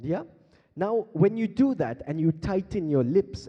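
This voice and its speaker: Speaking a little slowly with lively intonation, this high-pitched man has an Indian English accent and hosts a live conference as emcee and beatboxer, teasing the audience into joining. There's background noise in the clip. He uses a handheld mic on a large hall stage, with long reverb around him.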